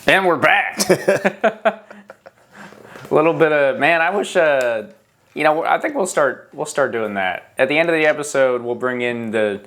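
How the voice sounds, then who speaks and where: A man's voice: on the high side, expressive, measured pace, fairly bright tone. A man hosting a motorcycle podcast, talking in a loose, rambling way with frequent restarts. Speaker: podcast host. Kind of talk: casual podcast chat.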